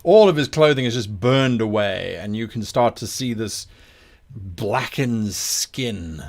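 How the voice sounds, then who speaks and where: A man's voice: fairly low pitch, animated, takes it slowly. Man narrating as game master.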